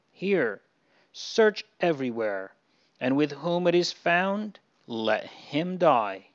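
A man's voice: on the high side, highs cut off, voice pushed up. A man reading aloud, voicing a group of indignant brothers who deny a charge.

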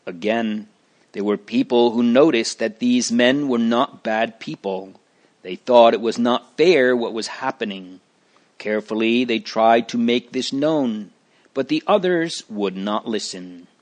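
Male narrator for a storybook reading; unhurried, measured delivery at a mid pitch.

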